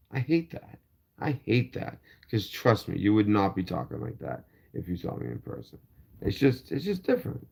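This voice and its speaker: A man's voice: lowish voice, creaky. Profane rambling man ranting on his channel. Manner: animated, rambling, profane, restarts a lot. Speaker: YouTube channel host. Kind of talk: casual rant to camera.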